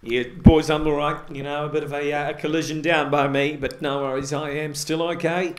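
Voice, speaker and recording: A man's voice: on the high side, little pitch movement, brisk. A man giving casual live commentary on a rugby league match, rambling in a mock-formal way with plenty of fillers. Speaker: amateur sports commentator.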